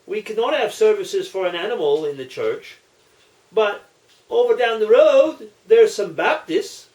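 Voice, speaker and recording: A man's voice: sits high, expressive, unhurried, a little mellow, roomy sound, voice pushed up. A man doing an exclaiming Irish priest. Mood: reluctant.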